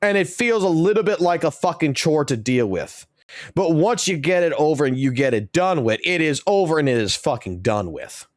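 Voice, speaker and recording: A male live streamer in his thirties or forties, venting in a long, swear-laden rant. His voice sits a touch higher than most men's, and the sound is close and dry with no room echo. He talks with blunt, exasperated conviction. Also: very animated, normal speed. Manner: profane, ranting, exasperated. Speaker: game streamer and host.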